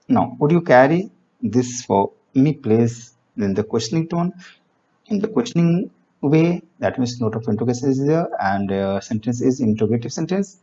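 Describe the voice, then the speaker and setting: A man teaching grammar, reading example sentences slowly and explaining with fillers. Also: medium pitch, very animated, mellow, husky. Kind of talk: classroom grammar lesson. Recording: dull lo-fi recording.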